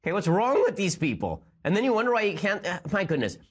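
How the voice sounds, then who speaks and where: A man in his thirties hosting a political commentary show, talking fast with sarcasm and disbelief. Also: high-pitched, huge pitch swings, breathy edge. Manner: rapid, incredulous, sarcastic. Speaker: host.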